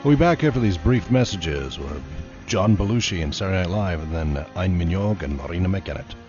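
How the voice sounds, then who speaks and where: A man's voice: low voice, a little fast, music in the background. A male radio host casually announcing tracks and show times. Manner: chatty, lively announcing. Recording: lo-fi radio recording.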